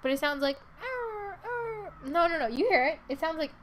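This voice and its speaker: High-voiced woman chatting while gaming. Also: steady tone, quick pace, slight background noise. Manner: chatty, reacts loudly and laughs often. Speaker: streamer. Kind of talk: casual let's-play commentary.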